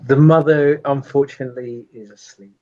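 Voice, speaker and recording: A man narrating as game master of a tabletop game, unhurried and descriptive. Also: medium pitch, steady tone, a little mellow, highs cut off.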